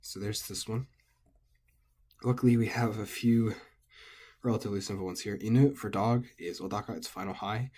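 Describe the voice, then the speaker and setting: A man casually and methodically explaining Japanese pitch accent word by word as a language teacher. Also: moderate pace, long pauses, a little mellow, breathy edge.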